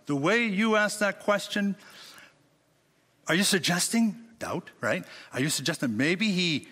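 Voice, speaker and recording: A man preaching a sermon, speaking emphatically with dramatic swings in pitch and rhetorical questions to his congregation. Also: lively intonation, unhurried, bright, forceful tone. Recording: long hall reverb.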